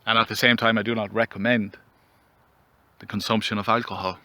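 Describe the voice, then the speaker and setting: Mock-solemn man, low bright voice. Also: little pitch movement. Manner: mock-solemn, rambling, theatrical pauses. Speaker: commentary vlogger. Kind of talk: mock-dramatic comedic monologue. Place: outdoors.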